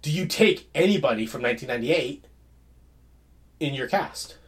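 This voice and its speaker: A man co-hosting a casual movie discussion, animated and halting with frequent restarts. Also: medium pitch.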